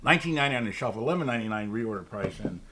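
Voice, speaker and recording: Emphatic man with a lively voice. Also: lowish voice, rapid-fire, heavy background noise. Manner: emphatic, enthusiastic, joking. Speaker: wine tasting co-host. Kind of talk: casual wine tasting chat.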